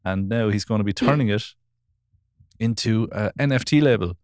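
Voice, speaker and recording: A man's voice: fairly low pitch, normal speed, no room sound, clean studio sound. A man hosting a podcast, rambling through stories in casual chat and laughing easily. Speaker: podcast host.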